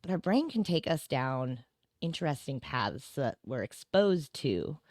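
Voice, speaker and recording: Low-voiced woman, rambling casual chat. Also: sing-song, a little slow, a little mellow, no room sound, clean studio sound. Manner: rambling, many "like"s and "right?", frequent laughs. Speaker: podcast guest.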